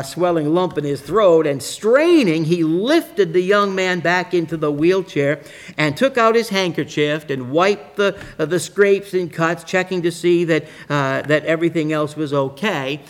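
A high-voiced male preacher who takes his time, drawing the story out slowly. His pitch swings widely as he builds tension and then drops to a hush. He tells the tale like a sermon illustration. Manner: slow, dramatic storyteller with sudden rises and drops in voice.

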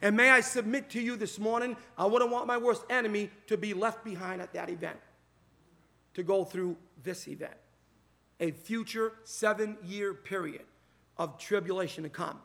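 Male preacher at a pulpit, tense high voice, drawn-out emphatic sermon. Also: fairly even intonation, vocal fry, pushed and bright. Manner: emphatic, drawn-out preaching delivery with scripture quotes. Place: church sanctuary, at a pulpit. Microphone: pulpit mic.

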